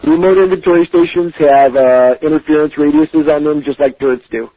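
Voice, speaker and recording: A man's voice: fairly high pitch, fairly even intonation, brisk, highs cut off. A man being interviewed as a game developer, talking casually with many fillers and restarts, choosing his words with care.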